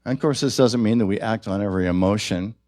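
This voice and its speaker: A man's voice: lowish voice, fast talker, mellow. A man preaching a sermon at a church service, drawing the congregation in with questions and call-and-response. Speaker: minister.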